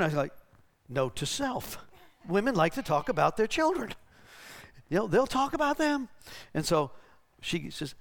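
In a church, a man preaches at a normal pace with a slightly high, very animated voice. It's sermon teaching laced with anecdotes, told conversationally, as the pastor keeps adding "right?" and acts out his characters' voices.

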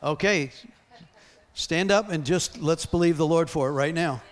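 A man delivers a sermon in a high, lively voice. He tells a story and acts out the dialogue with bursts of laughter, and his energy rises and falls as he goes. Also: measured pace. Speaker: preacher.

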